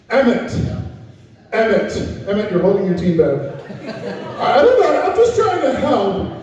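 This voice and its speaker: A middle-aged man works the crowd at a comedy night with chatty, self-deprecating banter. His voice sits high yet mellow. It is captured from a distance in a booming, echoey room on a muffled recording. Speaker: stand-up comedian. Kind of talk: stand-up comedy with crowd work. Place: comedy night venue with a live audience.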